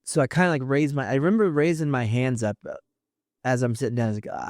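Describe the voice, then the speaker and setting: Halting man telling a personal story. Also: mid-range voice, a little mellow, no room sound, studio quality. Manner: halting, restarts mid-thought. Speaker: podcast host.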